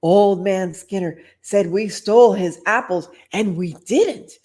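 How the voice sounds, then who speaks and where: A woman's voice: medium pitch, unhurried, dark tone, natural voice. A woman voicing an earnest boy in a cowboy costume.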